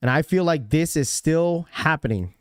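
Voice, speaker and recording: A man's voice: a little high, expressive, moderate pace, no room sound, clean studio sound. A young man hosting a casual livestream, reading out chat messages and rambling with lots of fillers and repeats. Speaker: livestream host.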